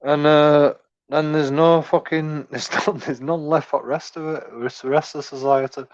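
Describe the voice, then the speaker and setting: A man's voice: fairly high pitch, steady tone, moderate pace, lo-fi sound. A man, ranting in a rambling, crude, profanity-heavy way as he reacts to a clip. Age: 40s. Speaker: commentator. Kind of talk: casual reaction rant.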